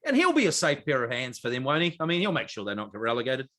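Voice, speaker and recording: A man co-hosting a sports podcast in casual, jokey chat, animated and rambling with fillers. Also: medium pitch, quick pace. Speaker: podcast co-host.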